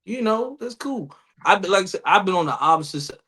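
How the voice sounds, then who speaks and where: This man, a podcast co-host with a DC-area accent from around Washington DC, has a high, sharp, husky voice and talks in an animated, brisk way. The chat is casual and profane, and he does impressions of other people's voices.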